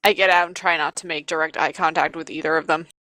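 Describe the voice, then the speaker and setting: A woman player in a tabletop role-playing game, describing her character in a deadpan way. Her voice is bright and sharp, recorded dry and close with no room echo. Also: low-pitched, fast.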